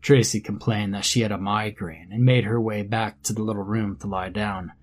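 A man narrating a first-person horror story in a measured, grim storytelling manner. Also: on the low side, fairly even intonation, a little hiss or hum. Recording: faint background music under narration.

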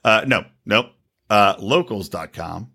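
A man's voice: on the low side, takes it slowly, creaky, bright, forceful tone, breathy edge. A man hosting a podcast, drunk and boisterous, slurring a little through casual banter. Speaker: podcast host.

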